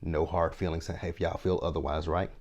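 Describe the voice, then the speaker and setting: Low, husky, and a little mellow, this man in his thirties keeps a level tone and moderate pace while reviewing a TV show. The casual recap is chatty and frank, and he keeps checking in with viewers by asking "right?"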